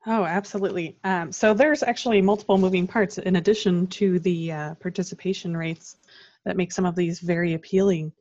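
A woman, a guest advisor, calmly explaining financial products. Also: on the low side, a little fast, no echo. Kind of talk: casual explanatory chat. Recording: dull lo-fi sound.

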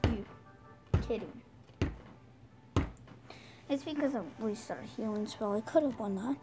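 High-pitched voice, annoyed gaming vlogger, repeats herself, mobile game commentary, faint game music under her. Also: slow pace, long pauses, dark tone, low-quality recording. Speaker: gaming channel host.

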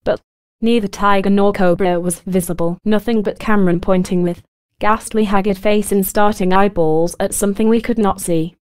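Woman reading an old book aloud, smooth clear voice, totally dry close mic. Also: medium pitch, moderate pace, dry recording. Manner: even, formal reading. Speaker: audiobook narrator. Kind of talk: scripted book narration.

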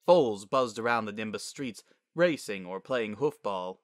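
A man narrating a story as a dramatic reading, measured and expressive. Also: on the low side, no echo, clean studio sound.

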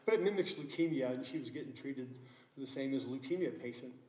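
A man's voice: mid-range voice, fast, warm tone, echoey room, poor audio. A middle-aged man preaching a sermon as pastor, telling a story earnestly with many restarts. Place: church sanctuary.

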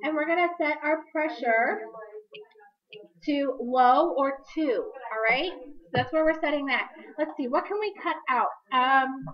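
Woman, high voice, chatty demo host, slightly worn voice, dull lo-fi sound. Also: measured pace. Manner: chatty, self-correcting, upbeat instructional. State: slightly losing her voice. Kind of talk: live product demonstration.

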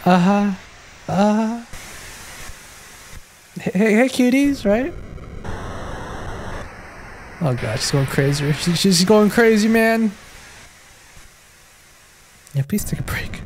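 A gaming YouTuber giving excitable let's play commentary, swearing and stammering as he reacts to the game. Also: medium pitch, takes it slowly, long pauses, slight background noise.

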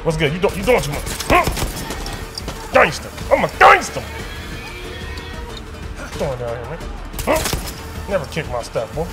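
A man giving excited, slangy commentary while he plays a video game and talks back to it. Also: a little high, takes it slowly, long pauses, music in the background. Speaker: gaming streamer.

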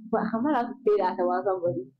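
A woman's voice: mid-range voice, expressive, rapid-fire, slight background noise. A young woman chatting casually as a vlogger, laughing often and breaking into bits of song. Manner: chatty, laughs often, sings snatches of songs. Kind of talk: casual chat. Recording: dull lo-fi sound.

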